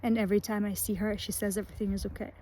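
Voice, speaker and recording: A woman's voice: medium pitch, level tone, racing, mellow, slight background noise. A woman rambling casually and emotionally in a spiritual vlog, with many fillers and restarts, talking outdoors in a pine forest. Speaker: vlogger.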